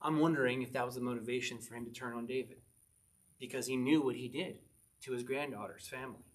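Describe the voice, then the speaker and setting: A man's voice: mid-range voice, steady tone, fast. A man preaching a conversational sermon, reading scripture aloud with emphasis and asking his listeners questions. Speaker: pastor.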